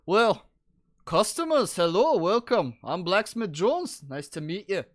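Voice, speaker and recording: A grumpy male dwarf blacksmith, put on by a man with a lilt. He grumbles and curses, his pitch leaping around, and talks slowly in a tabletop game. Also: big pitch swings. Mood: welcoming. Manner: gruff, cursing, loud outbursts.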